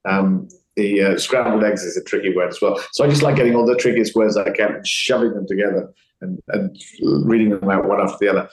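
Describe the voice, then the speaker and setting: A man's voice: on the low side, brisk, echoey room, rough recording. A man talking casually as an interview guest, rambling and acting out quoted voices. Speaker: comedian guest.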